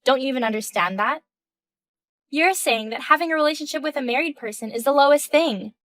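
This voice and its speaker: A woman's voice: high-pitched, a little fast, a bit bright, no echo. A woman in her thirties voicing a composed, indignant wife in a text-message story, firm and questioning. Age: 30s.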